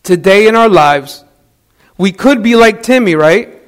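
Guy preaching w a pretty high voice, chatty storyteller, keeps asking the church questions and fixing his words. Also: lively intonation, unhurried. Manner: conversational storytelling, asks the congregation questions; self-corrects mid-sentence. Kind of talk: sermon.

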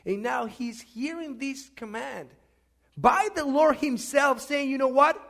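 High gravelly preacher, quiet to loud. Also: male voice, a little slow. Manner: swings from quiet musing to loud emphatic questioning of the congregation. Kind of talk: sermon.

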